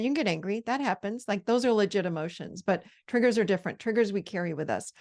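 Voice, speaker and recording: A woman host giving personal growth advice, emphatic and animated, often repeating her phrases. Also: medium pitch. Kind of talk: talking-head advice talk.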